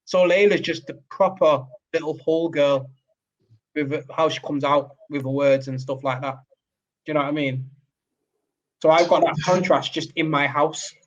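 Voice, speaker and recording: A man's voice: a little high, steady tone, moderate pace, lo-fi sound. A man with a Manchester accent, co-hosting a podcast as a father, telling stories in casual chat and laughing often.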